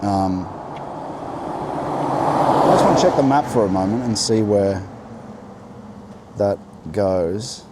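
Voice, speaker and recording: Heavy background noise surrounds this vlogger's lowish, animated voice as he talks slowly with long pauses. He's a man with a General Australian accent walking outdoors near a road in the rain under an umbrella, musing aloud to viewers in a rambling, reflective way as he navigates. The audio is from a handheld camera.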